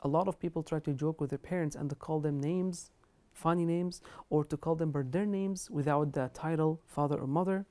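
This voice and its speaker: Woman, religious lecture, emphatic, lowish voice, mellow tone. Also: fairly quick. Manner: earnest, emphatic, quotes Arabic scripture and scholars. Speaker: Islamic lecturer. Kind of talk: religious lecture on kindness to parents.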